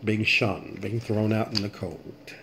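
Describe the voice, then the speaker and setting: A man's voice: fairly low pitch, steady tone, slow pace, creaky, very noisy. A man hosting a casual late-night tarot reading vlog, rambling and chatty as he thinks aloud, with stifled yawns. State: yawning, late-night tired. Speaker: tarot reader, channel host.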